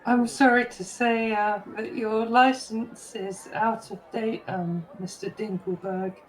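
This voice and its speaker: A player speaking in character in a tabletop game, polite and measured. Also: mid-range voice, steady tone, poor audio. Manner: slow, measured, polite officialdom.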